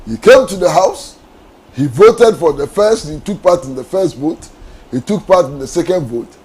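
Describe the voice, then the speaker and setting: A man's voice: on the high side, lively intonation, normal speed, darkish tone, husky, poor audio. A man, a panelist giving impassioned political commentary on a talk show, asking repeated rhetorical questions. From Ghana.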